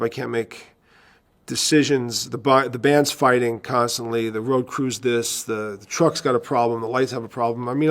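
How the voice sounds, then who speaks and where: A man who managed a band, telling a long, profane road story in a documentary interview. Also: mid-range voice. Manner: animated raconteur, profane, acts out phone calls.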